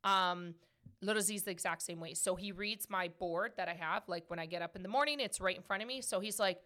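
A woman in her thirties hosting a podcast, answering questions in a chatty, animated way. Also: on the low side, fairly quick. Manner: chatty, animated, laughs often. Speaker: podcast host. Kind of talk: casual podcast Q&A chat.

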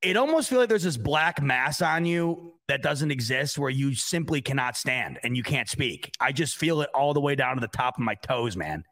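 A man co-hosts a casual sports chat at a middle pitch, and his voice rides up and down a lot. He is expressive, flaring into loud outbursts and then sinking into low grumbling. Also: normal speed, hardly any pauses. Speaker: co-host.

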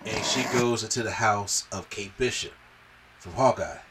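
A man with a lowish voice speaks at normal speed, recorded from a distance amid slight background noise. As a podcast host in a casual film chat, he recaps the movie with energy and acts out the characters' lines.

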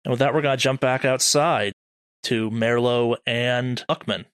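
A man's voice: medium pitch, fairly even intonation, a bit bright, clean tone, dry recording. Man narrating a horror tabletop game. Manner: vivid, deliberate horror narration with sudden quick asides. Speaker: game master.

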